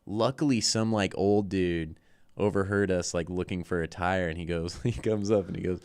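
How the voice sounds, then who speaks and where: A man's voice: low voice, moderate pace, darkish tone, smooth. A man, a band's guitarist and singer, telling tour stories in a casual, rambling way, swearing often. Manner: rambling, swears a lot, lots of "like". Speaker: band guitarist and vocalist, guest.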